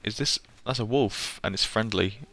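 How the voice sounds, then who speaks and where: A man's voice: on the low side, normal speed, bright, forceful tone. A man streaming a game live, chatting casually and rambling, often laughing at himself.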